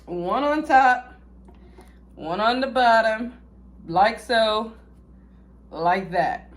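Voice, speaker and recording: A young woman, vlogging a food review, dramatic and chatty, swinging from loud squeals to low mutters. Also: drawn-out words. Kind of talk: casual food-review vlog.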